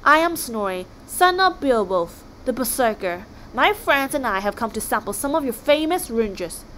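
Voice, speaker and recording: A woman's voice: a little high, very animated, moderate pace, a bit bright, a little hiss or hum, poor audio. A woman voicing a clever, polite young male Viking who outwits a sea god. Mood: courteous. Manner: courteous, sly.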